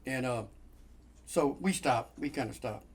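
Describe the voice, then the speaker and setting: This man's voice has a medium pitch and a slightly slow pace. As a guest storyteller in casual chat, he tells a long funny story, animatedly acting out the voices of the people in it and laughing often.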